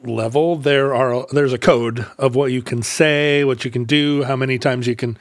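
A man hosting a casual podcast chat, asking curious questions with hesitant pauses and jokes. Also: medium pitch, steady tone, no echo, studio quality. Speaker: podcast host.

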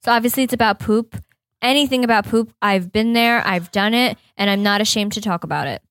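A young woman co-hosting a casual chat, telling a story in an animated, giggly way. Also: mid-range voice, fairly quick, a little hiss or hum. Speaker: podcast co-host.

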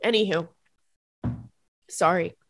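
A woman's voice: on the low side, takes it slowly, dry recording, studio quality. A young woman hosting a podcast, giving candid advice in a chatty, casual way with frequent swearing and asides. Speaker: podcast host.

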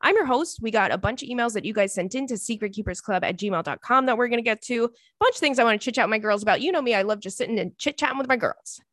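A woman's voice: a little high, rapid-fire, hardly any pauses, no echo. Chatty woman podcast host, dry close sound. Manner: chatty, animated storyteller with playful squeals. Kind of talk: casual chat.

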